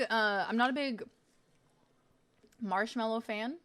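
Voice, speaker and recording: A woman's voice: mid-range voice, normal speed, a bit bright. Chatty woman streamer tasting snacks. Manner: chatty and self-mocking, with frequent swearing. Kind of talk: casual chat while taste-testing snacks.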